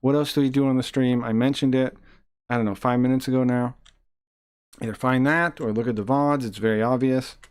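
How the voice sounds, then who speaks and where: A man's voice: mid-range voice, steady tone, a little fast, smooth. A man live-streaming who reads chat messages aloud and taunts a viewer in a combative way.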